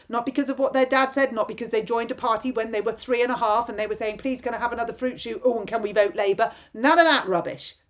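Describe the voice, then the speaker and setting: Impassioned woman ranting nonstop. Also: a little high. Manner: impassioned, rapid-fire, barely pausing for breath. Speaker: political vlogger. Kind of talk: direct-to-camera political rant.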